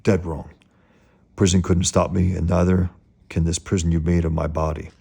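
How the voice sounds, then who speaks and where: A man's voice: low-pitched, level tone, moderate pace, creaky, mellow, slightly rough, exaggerated voice. A man reading aloud as a paralyzed male villain who vows revenge, in a menacing monologue. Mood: hateful.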